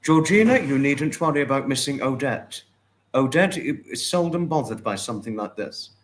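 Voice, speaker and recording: A man hosting a casual livestream, warmly greeting and thanking viewers by name and apologizing often. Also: medium pitch, expressive, moderate pace. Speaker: livestream host. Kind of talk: casual livestream chat reading viewer comments.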